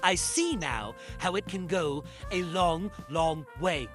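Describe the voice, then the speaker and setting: In a comedic mock interview, a man plays a conceited bestselling novelist who brags and bristles at slights, all self-importance and indignation. His high-pitched voice has lively intonation and a slow pace, with music in the background.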